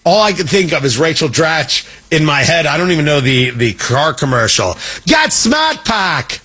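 A man's voice: a little high, normal speed, pushed and bright, husky. A man hosting a political talk radio show, delivering a sarcastic, riffing monologue and slipping into mock voices. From Midwest.

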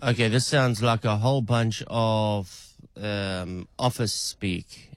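A man's voice: lowish voice, steady tone, slow pace, no room sound. A man calling an AI agent, asking playful, teasing questions in a casual chat. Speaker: caller testing an AI agent.

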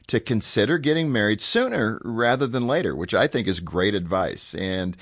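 A male radio show host giving a chatty, warm introduction, with verbal fillers. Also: lowish voice, big pitch swings, moderate pace. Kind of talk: casual on-air introduction.

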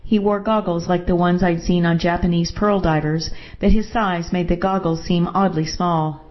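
Woman reading a story in a low voice. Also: highs cut off. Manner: calm, measured storytelling. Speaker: narrator. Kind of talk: scripted first-person story reading.

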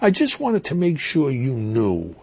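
Husky Boston-accented man, lively pitch. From Massachusetts. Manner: halting, many fillers and restarts, emphatic stresses. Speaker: interview guest. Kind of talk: reflective interview answers. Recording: dull lo-fi audio.

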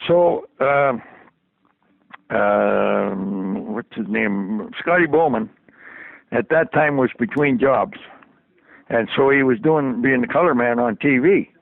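Older man, gravelly voice, chuckling storyteller, tinny dry phone line. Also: mid-range voice, animated, takes it slowly, no room sound. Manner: chuckles often while telling stories. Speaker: guest, former hockey trainer. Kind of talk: anecdotal storytelling.

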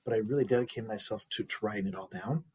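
A man's voice: on the low side, quick pace, darkish tone, low-quality recording. A man in an interview, telling a personal story in an earnest, reflective way with frequent small restarts. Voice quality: very husky. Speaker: interview guest.

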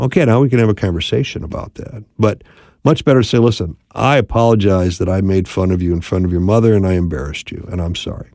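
A man's voice: on the low side, creaky, warm tone, dry recording, clean studio sound. A man teaching about apologies in marriage, in a conversational style with frequent tag questions. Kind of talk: instructional talk on marriage.

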